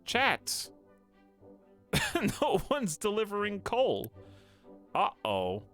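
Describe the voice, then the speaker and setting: A man's voice: high-pitched, wildly swooping pitch, extremely slow, fairly bright tone, faint music behind. A man streaming a game live, rambling casually to his chat as he plays. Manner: rambling, talks to chat while playing.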